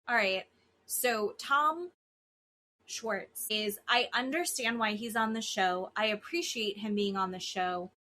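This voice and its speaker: A woman's voice: mid-range voice, takes it slowly. A woman co-hosting a podcast in casual chat, blunt, swearing freely and mimicking the people she talks about. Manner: animated, mimics people in quotes. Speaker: podcast co-host.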